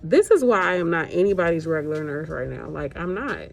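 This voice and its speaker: A young woman nurse vents in a loose, casual vlog style. She speaks straight to her audience, exasperated and blunt, letting swear words slip in. Faint music sits quietly under her voice. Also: low voice, animated, brisk, gravelly. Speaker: agency nurse vlogger. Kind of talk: casual vlog rant to viewers.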